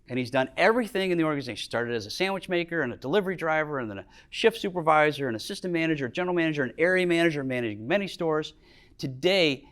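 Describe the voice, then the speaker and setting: A middle-aged man from Minnesota giving a talk as a business owner, telling earnest stories in a motivational speech, his voice dropping low and quiet at emotional moments. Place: lecture hall with audience.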